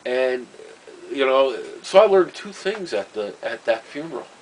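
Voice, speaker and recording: A man's voice: medium pitch, sing-song, measured pace, slight background noise, rough recording. A middle-aged man casually telling rambling personal stories, breaking off mid-sentence and chuckling at his own anecdotes. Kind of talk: casual storytelling monologue.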